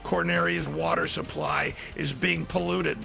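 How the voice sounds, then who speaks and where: A man's voice: mid-range voice, sing-song, a little slow, creaky, music in the background, exaggerated voice. A man doing an impression of a frantic, middle-aged conspiracy radio ranter, alarmed and incredulous, in a played clip.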